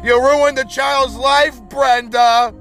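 A bitter, jilted man ranting and swearing, swinging from a low growl to a shrill whine, as a man puts him on. Faint music sits quietly under his voice. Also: little pitch movement, takes it slowly, full character voice.

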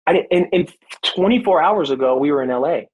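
A man in his thirties, a former football player, telling a personal story in a podcast interview, earnest and animated, acting out what people said. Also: a little high, quick pace, phone-quality sound. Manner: faith-centered, reflective. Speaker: guest, former football player and motivational speaker.

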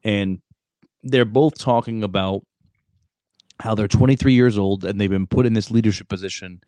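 A young man with a lowish voice hosts a casual podcast chat, blunt and quick, full of "like" and "you know". The sound is dry and close. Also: mellow, dry recording. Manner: blunt, talks fast with many fillers and acted quotes. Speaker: podcast host, former Marine recruiter.

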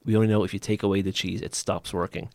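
A man speaks quickly in a lowish voice and adds corrections in a plain, matter-of-fact tone. The recording is dry and close, with no room sound. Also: little pitch movement, creaky, no echo. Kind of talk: casual chat.

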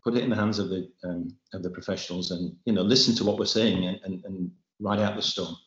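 A man's voice: deep voice, steady tone, fast, roomy sound, lo-fi sound. A man speaking as an investment adviser in a casual panel discussion, plain-spoken and persuasive.

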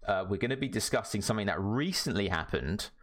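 A British man hosts a casual live-streamed podcast in a fairly low voice. He is upbeat and chatty, repeating his greetings and filling gaps with ums and uhs as he lays out the topics. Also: expressive, fast, fairly bright tone. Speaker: podcast host.

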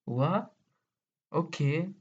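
Unhurried Kenyan storyteller, playful and laughing. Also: mid-range voice, expressive, darkish tone, husky, dull audio. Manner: playful, exclaiming, laughing often, mixing English with Swahili slang. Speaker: vlogger telling stories. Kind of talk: casual storytelling to viewers.

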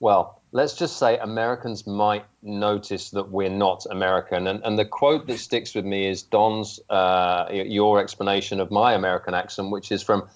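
A man's voice: fairly low pitch, steady tone, moderate pace, few pauses, lo-fi sound. A man with an English accent chatting casually on a podcast, self-deprecating and dryly funny. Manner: self-deprecating, dry humor. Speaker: podcast guest co-host. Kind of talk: casual chat.

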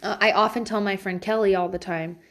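A woman in her thirties at a mid-range pitch, talking frankly about raising kids. She tells loose, casual stories and swears without a second thought. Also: fairly even intonation, fairly quick, fairly bright tone. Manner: candid and frank, swears freely. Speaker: parent giving parenting advice. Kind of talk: casual personal storytelling.

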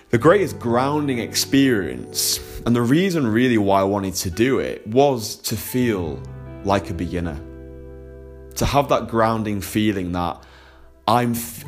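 A young man, a dating coach, telling a personal story in a casual vlog, candid and heavily profane, laughing often. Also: lowish voice.

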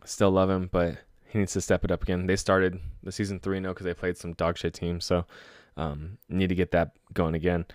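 Solo sports host, male, deep voice, dry close-mic sound, loose and profane. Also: a little fast, few pauses, no room sound. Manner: excitable, swears freely, laughs at own stories. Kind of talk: casual solo sports talk.

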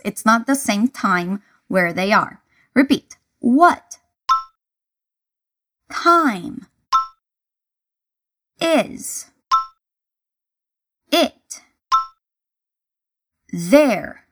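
Woman, English teacher, repeat-after-me lesson, unhurried, animated delivery. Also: fairly high pitch. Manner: clear, deliberate, breaks phrases into single words.

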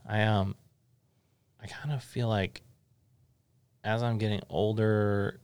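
A middle-aged man hosts a casual interview in an easygoing, rambling way. His voice sits fairly low and has a gravelly fry to it. He is recorded close, with a dry sound. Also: little pitch movement, slow, a little mellow, no echo. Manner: easygoing, rambling, thinks aloud with fillers. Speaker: podcast host.

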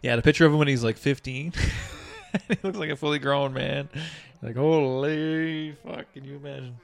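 A man co-hosting a casual podcast, reacting excitedly to fight clips, swearing and laughing often. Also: fairly high pitch, normal speed, vocal fry. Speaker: podcast co-host.

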